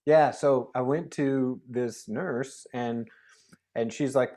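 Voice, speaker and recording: A man chats as a guest over a video call in a mid-pitched, everyday voice. He tells animated stories, acting out little bits of dialogue. He laughs easily as he goes. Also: moderate pace. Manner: chatty, animated, laughs often, acts out dialogue. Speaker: guest facilitator. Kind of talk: casual storytelling interview.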